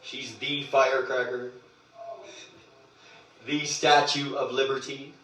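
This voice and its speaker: A man preaching on a livestream, cursing freely and swinging from loud proclamations to hushed murmurs. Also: mid-range voice, little pitch movement, slow, reverberant, far from the mic, rough recording. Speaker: spiritual group leader.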